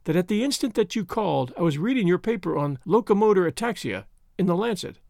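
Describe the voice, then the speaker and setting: A man's voice: sits high, animated, fast, creaky, no echo. A man voicing a dry, composed woman doctor. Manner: dry, composed, gently ironic. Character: cool, quick-witted young woman doctor. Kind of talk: audiobook character voice.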